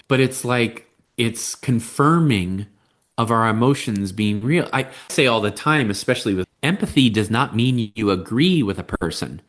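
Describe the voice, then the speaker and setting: Male guest, parenting coach, conversational, slips into voices for his examples, mid-pitched. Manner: conversational, explains with acted-out quotes. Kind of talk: podcast interview.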